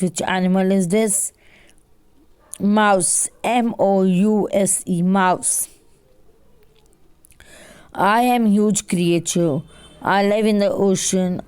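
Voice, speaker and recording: A woman teaches a children's class at an unhurried, deliberate pace. Her voice is smooth and clear, and she spells words out letter by letter for her pupils. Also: medium pitch, darkish tone. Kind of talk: recorded online class for children.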